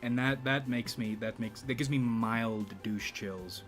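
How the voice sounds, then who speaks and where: A man hosting a YouTube channel in a rambling, casual monologue, speaking in a deliberately low register with a slight vibrato. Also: a bit bright, soft background music. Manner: rambling, with frequent restarts and profanity.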